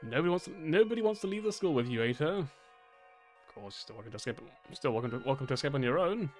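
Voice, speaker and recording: A sneering, mocking game character, read aloud by a man in a lower, slower voice. Faint game music plays underneath. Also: animated, darkish tone, natural voice. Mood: taunting.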